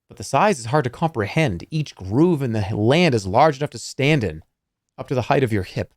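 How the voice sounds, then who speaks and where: Expressive male streamer narrating a text game: animated delivery, dry close sound. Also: medium pitch, moderate pace, no room sound. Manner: lively, playful and expressive. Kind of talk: reading game text aloud and commenting.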